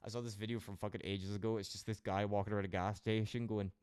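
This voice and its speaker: A man's voice: on the low side, flat delivery, fast talker, darkish tone, clear, resonant tone, dry recording, clean studio sound. A Scottish man chatting loosely with his stream audience, rambling and swearing freely. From Scotland. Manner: rambling, heavily profane banter. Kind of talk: casual live-stream chat.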